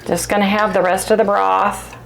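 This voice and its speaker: A woman's voice: mid-range voice, flat delivery, vocal fry, slight background noise. Chatty Southern Californian woman. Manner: chatty and rambling, quick to apologize. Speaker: channel host. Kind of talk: casual home vlog chat. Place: home kitchen.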